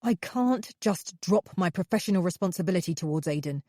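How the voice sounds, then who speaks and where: An indignant woman therapist, as a woman narrator puts her on, hurls sharp, outraged protests in a lowish, mellow voice. The sound is dry and close. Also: lively intonation, a little fast, no echo. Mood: furious.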